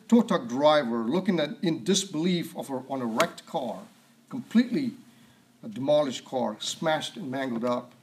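A man preaching a sermon, reading scripture aloud, asking rhetorical questions and often clearing his throat. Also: mid-range voice, slight background noise.

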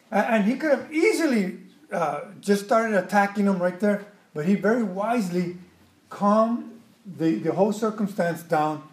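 A man preaching with a high-pitched, expressive delivery, swinging between soft asides and loud acted-out outbursts. His voice carries through a noticeably echoey room. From Mexican background. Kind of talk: sermon.

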